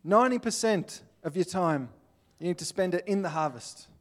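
A man's voice: high voice, expressive, moderate pace. An Australian man giving an earnest, plainspoken sermon, with little acted-out scenes. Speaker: pastor.

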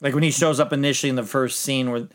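A man's voice: medium pitch, steady tone, fast talker. A man co-hosting a casual movie chat, rambling through the plot and correcting himself as he goes. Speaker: podcast co-host.

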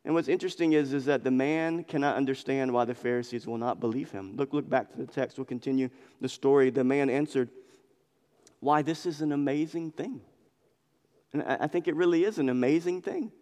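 A man's voice: mid-range voice, quick pace, hardly any pauses, darkish tone. Impassioned male preacher in a reverberant hall. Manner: impassioned, emphatic, repeats phrases for emphasis. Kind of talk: expository sermon. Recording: long reverb of a large hall.

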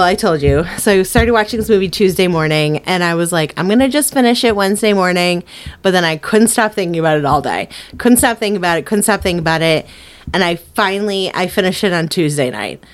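A woman's voice: mid-range voice, moderate pace. A woman co-hosting a movie podcast, talking casually with lots of fillers and frequent laughter. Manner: animated, giggly, lots of fillers. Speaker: podcast co-host.

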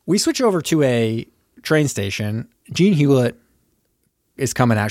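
A man chats casually on a podcast, retelling a film's plot and jumping into the characters' voices. His pitch sits in an ordinary middle range. The sound is dry and close, with no room around it. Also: no room sound. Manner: animated, acts out characters' lines with profanity. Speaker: podcast co-host. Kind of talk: casual chat recapping a movie.

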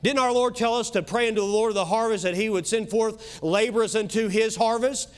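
High-voiced preacher with Kentucky accent. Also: male voice, clear, resonant tone. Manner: emphatic preaching, swinging loud and soft, quick asides. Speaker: pastor. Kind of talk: sermon.

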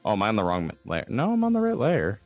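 A man's voice: fairly low pitch, huge pitch swings, fast talker, a little mellow, dull audio, faint music behind. A man narrating as game master of a tabletop game, in a loose, rambling way with many fillers.

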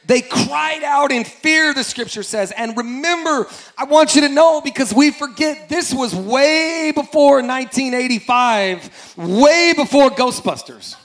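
Male pastor, fairly high voice, lively sermon delivery, acts out scripture characters. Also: measured pace. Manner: animated, acts out scripture voices, repeats phrases, calls congregation to respond. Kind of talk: energetic sermon.

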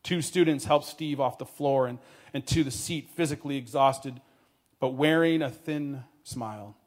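A man telling a story in a sermon, earnest, dropping his voice quietly at tender moments. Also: medium pitch, moderate pace.

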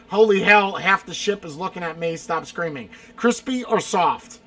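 A man quickly answering rapid-fire either-or questions in a casual chat, swearing freely and now and then shouting or laughing. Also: high-pitched, lively intonation. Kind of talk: casual chat, lightning round.

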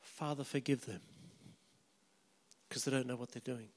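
A man voicing Jesus dying on the cross, speaking in a hushed, strained way. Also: a little high, steady tone, normal speed, voice pushed down, lightly acted.

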